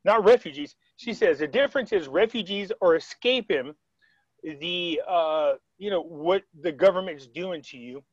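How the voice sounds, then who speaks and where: A man's voice: high voice, normal speed, no room sound, muffled recording. A man telling a story on a video call in a casual, rambling way, retelling quotes with frequent restarts. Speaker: interviewee.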